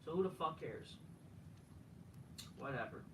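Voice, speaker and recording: A man's voice: medium pitch, expressive, measured pace. Man, casual reviewer, profane and dismissive, slightly distant mic, faint hiss. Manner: profane, dismissive, sarcastic ranting. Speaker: wrestling show reviewer. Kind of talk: casual solo review rant.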